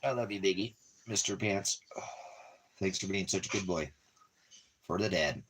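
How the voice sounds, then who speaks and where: A man talking softly to his dog in doting, repetitive baby talk, now and then addressing his viewers. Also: low-pitched, a little slow, a little hiss or hum. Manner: soft, doting baby talk with repeated phrases. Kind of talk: casual talk to a pet.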